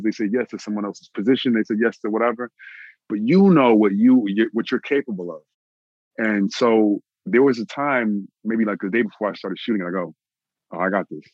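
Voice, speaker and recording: A man from Austin, Texas, an actor telling his own story in an interview, animated and repeating phrases for emphasis. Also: fairly low pitch, no echo, lo-fi sound. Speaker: actor, guest.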